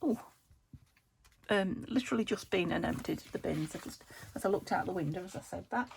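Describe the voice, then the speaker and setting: A woman's voice: fairly low pitch, fast, creaky, a little hiss or hum. A British woman hosting a crafting vlog from her home craft room, chatting as she works, thinking aloud and laughing often. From United Kingdom. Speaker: crafting channel host.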